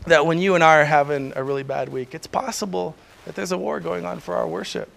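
A man's voice: fairly high pitch, steady tone, a little fast, creaky, a bit bright. A middle-aged man preaching a sermon in a conversational way, often chuckling and acting out the voices he quotes.

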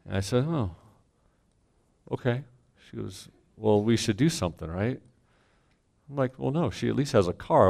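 A middle-aged man, a pastor, telling a candid family story to a congregation, self-mocking and swinging from quiet asides to loud punchlines. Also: mid-range voice, expressive, moderate pace, gravelly, long pauses. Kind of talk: storytelling sermon.

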